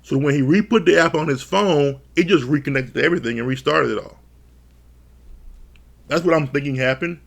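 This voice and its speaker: Gravelly, laughing reality show reviewer man. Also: on the high side, brisk, pauses often. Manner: laughs often, swears freely, animated retellings. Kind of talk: casual profane commentary.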